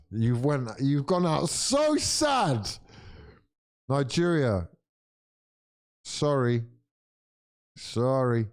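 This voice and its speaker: Excitable sweary English man reacting. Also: on the low side. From England. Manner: excitable, sweary, swings from groans to shouts. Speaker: football watch-along streamer. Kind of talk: live football reaction commentary.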